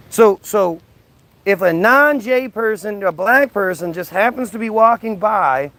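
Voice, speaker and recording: A man on a livestream ranting at his chat, combative and mocking as he reads out comments and argues back. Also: high-pitched. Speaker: live streamer. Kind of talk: livestream rant, reading out and answering chat.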